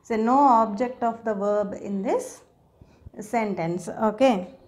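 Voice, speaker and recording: Here an English teacher walks viewers through grammar at a slow, patient pace. She has a medium-pitched voice with a darkish tone and frequently pauses for an "okay?" check.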